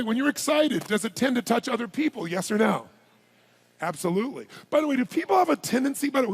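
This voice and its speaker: Man, motivational speaker, husky gravelly voice, fairly high and very animated pitch, commands the crowd. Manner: rapid-fire questions and commands to the crowd. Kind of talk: live seminar address to an audience.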